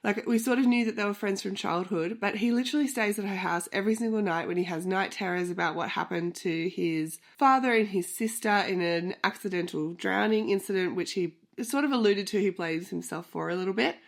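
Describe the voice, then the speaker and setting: A woman's voice: mid-range voice, fairly quick, vocal fry, hardly any pauses. A woman in her thirties who has a flu and sounds nasal, chatty and a little out of breath, rambling off on tangents as she hosts a book vlog. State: short of breath from pregnancy. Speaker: book vlogger host. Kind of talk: casual chat.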